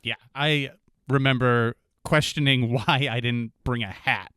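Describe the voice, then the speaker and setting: A male podcast host who keeps the interview light with easy joking. His voice has an ordinary middle pitch for a man. It is recorded very dry and close, with almost no room sound. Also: fairly even intonation, measured pace, a bit bright, smooth, dry recording.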